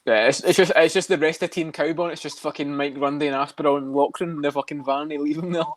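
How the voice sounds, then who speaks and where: A man co-hosting a podcast, riffing quickly and swearing between laughs. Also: a little high, steady tone, no echo. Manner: quick, profane, laughing riffs. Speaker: podcast co-host. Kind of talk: casual podcast chat.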